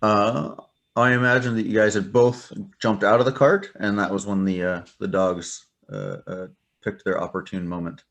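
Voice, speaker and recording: Halting low-voiced male game master. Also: creaky, a bit bright, muffled recording. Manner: hesitant, many fillers. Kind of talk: running a tabletop game.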